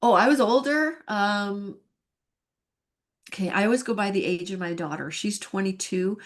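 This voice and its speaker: A woman's voice: mid-range voice, moderate pace. A woman in her fifties, a podcast guest, telling her personal faith story in an earnest, emotional way. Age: 50s. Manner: earnest and emotional, sighing and laughing at herself.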